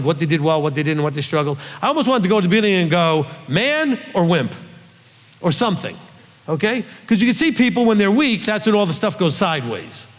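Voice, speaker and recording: A rabbi giving a conversational Bible teaching, earnest and coaxing, often checking in with his listeners. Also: high voice. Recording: long hall reverb.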